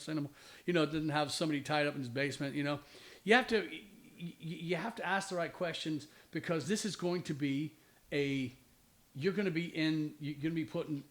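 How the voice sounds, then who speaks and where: A man chatting on a podcast, rambling and restarting his sentences, with casual swearing. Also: on the high side. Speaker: podcast host, bandmate. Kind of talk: casual chat.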